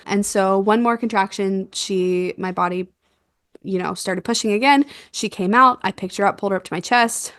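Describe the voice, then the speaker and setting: A young woman telling a birth story in a casual chat, animated and quick to laugh, acting out what was said. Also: mid-range voice, dry recording, studio quality. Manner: animated, laughs often, acts out quotes. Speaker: guest, doula.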